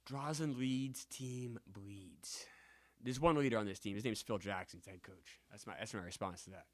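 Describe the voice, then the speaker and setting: A man streaming a basketball video game, chatting and bursting into loud yelled celebrations, sometimes out of breath. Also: lowish voice, fast, slight background noise. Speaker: gaming streamer. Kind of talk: excitable gameplay commentary.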